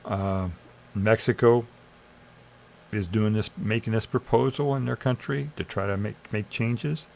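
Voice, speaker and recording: Gravelly-voiced man ranting on stream. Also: fairly low pitch, fairly even intonation, measured pace, darkish tone, slight background noise, poor audio. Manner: sarcastic, argumentative, urging listeners to think. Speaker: live streamer. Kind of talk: casual commentary reading AI chat aloud.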